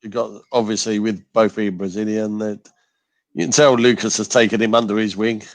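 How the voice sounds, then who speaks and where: A man co-hosting a casual football chat, speaking in a relaxed, measured way. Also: fairly low pitch, no echo. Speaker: co-host.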